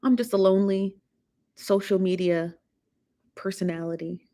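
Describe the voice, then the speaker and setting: A woman's voice: medium pitch, lively intonation, normal speed. Woman, livestream host, casual chat, teasing, AAVE, mid-range voice. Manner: chatty, laughing, teasing the chat. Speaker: live show host.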